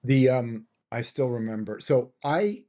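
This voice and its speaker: A middle-aged man hosts a relaxed conversation and speaks with earnest warmth toward his guest. He is thoughtful and generous with praise. His voice sits at an ordinary middle pitch. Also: measured pace. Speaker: host. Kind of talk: casual interview chat.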